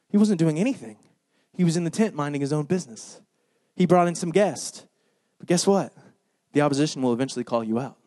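High-voiced man preaching emphatically. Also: darkish tone, no echo, studio quality. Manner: emphatic, conversational preaching with rhetorical questions. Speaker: pastor. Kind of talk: sermon. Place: church.

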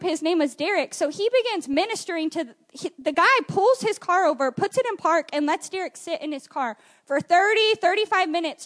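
A young woman gives a testimony in church. Her voice sits very high, and she tells her story in an animated, rambling way, full of "like" and "so". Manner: animated storytelling with many fillers. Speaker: church member giving testimony. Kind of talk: excited spoken testimony.

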